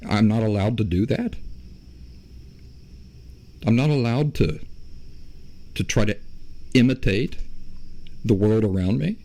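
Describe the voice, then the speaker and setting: A man hosting a solo podcast, explaining his views in a measured way and often stopping to correct himself. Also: fairly low pitch, warm tone. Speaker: podcast host.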